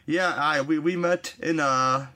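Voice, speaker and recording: A man's voice: on the high side, steady tone, a little slow, sharp tone. A man hosting a casual podcast interview, rambling and hesitant with many fillers. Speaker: podcast host.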